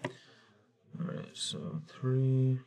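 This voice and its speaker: A man's voice: mid-range voice, expressive, drawn-out words, gravelly, warm tone. A man playing a card game, giving dry, terse answers to his opponent. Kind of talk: casual table talk during a match.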